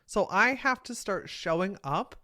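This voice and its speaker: An emphatic, casual woman coaching her listeners on a solo podcast. Her voice sits in a middle pitch and she lets the odd swear word slip. The sound is dry and close, with no room around it. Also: animated, unhurried, bright, forceful tone, no room sound. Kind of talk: motivational solo podcast talk.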